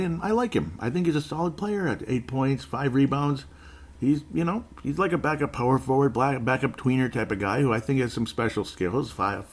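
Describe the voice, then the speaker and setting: A man in his forties hosting a basketball show, ranting sarcastically about a game in casual commentary. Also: medium pitch. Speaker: basketball podcast host.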